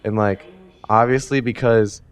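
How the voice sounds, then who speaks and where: An unhurried man whose voice is lowish, steady, clear and resonant retells a video game from memory. His account is comedic and wandering, dotted with fillers and casual swearing.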